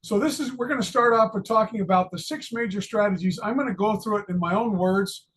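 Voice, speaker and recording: Retired male teacher, higher-pitched voice, loose conversational lecture full of uhs and self-mocking asides. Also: a little fast, a bit bright, slight background noise. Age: older. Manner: chatty, self-deprecating, many fillers and restarts. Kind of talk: casual lecture video.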